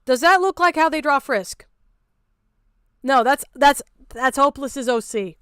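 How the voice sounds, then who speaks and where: A young woman streaming a reaction, blunt and profane, exasperated and often shouting in disbelief. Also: high voice, expressive, unhurried, pauses often, no echo, studio quality. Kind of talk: casual reaction commentary.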